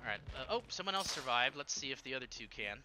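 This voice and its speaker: A man streaming a horror game, chatting casually and rambling with many fillers and sudden excited bursts. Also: medium pitch, fast, noisy background. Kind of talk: casual gameplay chat.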